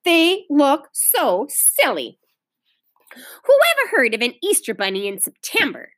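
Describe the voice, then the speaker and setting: A woman's voice: high-pitched, huge pitch swings, slow, fairly bright tone, pitched above the performer's own voice, exaggerated voice. A woman voicing a polite, self-conscious older girl in a read-aloud storybook, talking earnestly with some embarrassment. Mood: fretful.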